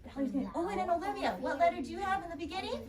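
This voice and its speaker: A young woman teaching kindergarten, upbeat and encouraging, sounding out letters slowly for the children. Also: extremely high pitch, expressive, a crowd in the background. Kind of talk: interactive classroom teaching. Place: kindergarten classroom. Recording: distant, noisy classroom recording.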